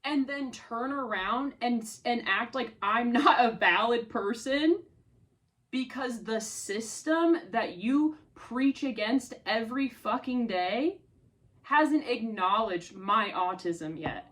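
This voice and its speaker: Woman, angry vlog rant, slightly high voice, slow strained delivery, swearing, direct address. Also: lively intonation, a bit bright. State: upset, voice strained. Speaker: content creator.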